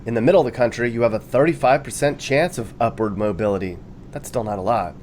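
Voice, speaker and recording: A man's voice: mid-range voice, fast talker, darkish tone, slight background noise. A man narrating a video with casual, jokey commentary, often laughing and reading quotes aloud with mock enthusiasm.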